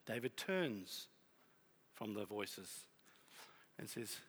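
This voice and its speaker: A man preaching a sermon, telling a story with lively swings from loud to hushed. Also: high-pitched, a little fast, gravelly. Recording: long hall reverb.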